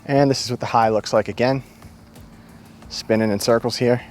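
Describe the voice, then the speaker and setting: A man's voice: mid-range voice, steady tone, moderate pace, a little mellow, soft background music. A man with a New England accent, chatting enthusiastically and folksily while he reviews a headlamp outdoors at night. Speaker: gear reviewer. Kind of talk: casual outdoor product review. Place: outdoors at night near woods.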